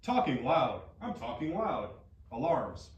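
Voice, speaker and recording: A man's voice: mid-range voice, sing-song, unhurried, highs cut off. A man running a sound test indoors, repeating plain, matter-of-fact test phrases, recorded from a distance. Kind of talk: casual on-location test talk. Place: indoor rooms around a house. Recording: echoey room audio from a distance.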